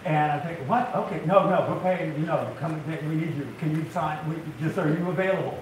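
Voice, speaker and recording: A man's voice: fairly high pitch, brisk. An older man telling funny stories as a woodworking TV host to a live audience, a folksy storyteller who gets worked up. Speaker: woodworking TV host giving a talk. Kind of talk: humorous live talk to an audience. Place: large event hall, live audience. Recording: echoey hall, distant mic, audience noise.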